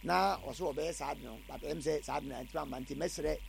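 High-voiced, fast-talking Ghanaian man. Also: vocal fry, slight background noise. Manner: animated, mixes in English words. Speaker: interviewee. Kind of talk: casual street interview.

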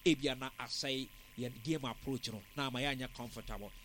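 Fast-talking bright-voiced football analyst man. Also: medium pitch, fairly even intonation, slight background noise. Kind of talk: radio sports talk.

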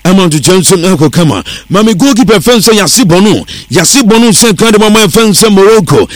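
Man, radio sports news read, high voice, dry close studio mic. steady delivery. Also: fast, no room sound. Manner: steady newsreader delivery, mixing English words into his talk.

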